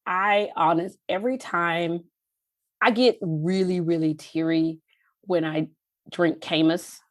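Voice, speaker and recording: Woman, middle-aged, kinda low voice, tells stories with feeling, pitch jumps when excited, dry close mic. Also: takes it slowly, dry recording. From Texas. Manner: expressive, swings up in pitch when animated. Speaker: podcast guest, wine journalist. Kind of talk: emotional storytelling interview.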